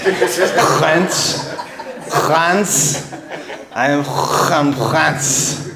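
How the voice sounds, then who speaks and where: A stand-up comedian with a mid-range voice rambles through absurd jokes on a small club stage, stammering and restarting into a handheld mic. The live audience is there, the sound is roomy, and there's a little hiss or hum.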